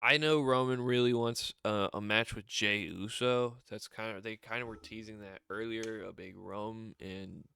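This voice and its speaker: A man's voice: lowish voice, steady tone, moderate pace, creaky, few pauses, pushed and bright, clean tone, dry recording, studio quality. A man giving a rambling, casual recap as a show reviewer, often acting out quotes. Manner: rambling, acts out wrestlers' lines in raised voice.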